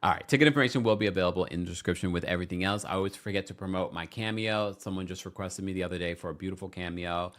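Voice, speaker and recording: A man hosting a reality TV recap vlog, talking in a gossipy, animated way and jumping into high mocking voices when he quotes people. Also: racing, hardly any pauses. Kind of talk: casual recap commentary.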